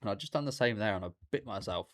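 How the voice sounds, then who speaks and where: A man's voice: fairly low pitch, lively intonation, quick pace, dry recording, clean studio sound. A young man rambling casually to himself as he reacts to an anime episode. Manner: rambling, talking aloud to himself.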